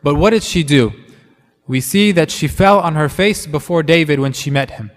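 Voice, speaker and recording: Male preacher, fairly high voice, chatty delivery with fillers, long hall reverb. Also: moderate pace. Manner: conversational, many fillers and restarts. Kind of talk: sermon.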